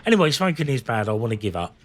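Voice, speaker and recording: A man's voice: medium pitch, sing-song, racing, slight background noise. A man, chatting casually and candidly while streaming a game, rambling and swearing freely. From England. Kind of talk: casual chat while gaming.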